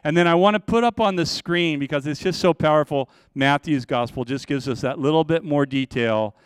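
Passionate male preacher, dry and clear. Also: fairly high pitch, dry recording. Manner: passionate preaching with sudden swings between loud emphasis and hushed, slowed lines. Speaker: pastor. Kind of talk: sermon.

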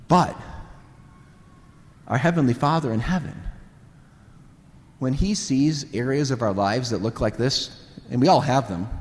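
A man preaching a sermon, telling animated family stories and laughing often. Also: mid-range voice. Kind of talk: sermon storytelling. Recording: reverberant hall.

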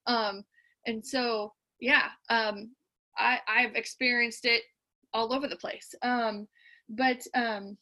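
Bright-voiced woman guest explaining earnestly. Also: a little high, steady tone, takes it slowly. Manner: earnest, explanatory, many fillers. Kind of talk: casual conversational interview.

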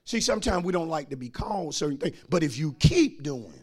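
A man, preaching a sermon as pastor and swinging from quiet asides to shouted lines. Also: fairly high pitch, very animated, brisk, husky.

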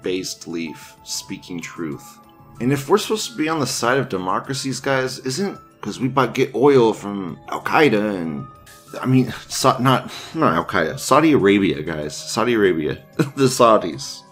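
A man hosting casual news commentary, reading posts aloud with frequent laughter, profanity and sarcasm. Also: mid-range voice.

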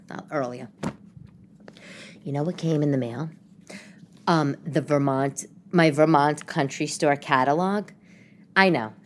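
A woman's voice: low voice, a bit bright, slight background noise. A middle-aged woman from New York hosting a casual solo podcast, rambling through comic stories and asides. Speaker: podcast host.

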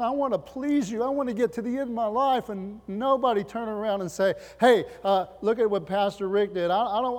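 High-voiced pastor preaching in a hall. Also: male voice. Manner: impassioned preaching, rising loud then dropping quiet. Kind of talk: sermon.

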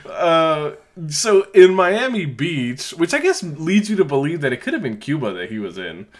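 A man's voice: a little high, sing-song, moderate pace. A man co-hosting a podcast, walking through a film's plot in casual chat and laughing easily. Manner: explains plot points at length, laughs easily. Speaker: podcast co-host. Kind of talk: casual film recap chat.

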